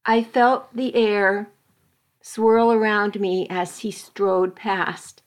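A woman volunteer reader narrating a dramatic magazine story aloud in a measured storytelling voice. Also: mid-range voice, steady tone. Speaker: volunteer reader for a reading service.

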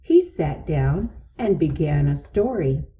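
A woman reading a children's story aloud in a gentle, deliberate way. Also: low-pitched, sing-song.

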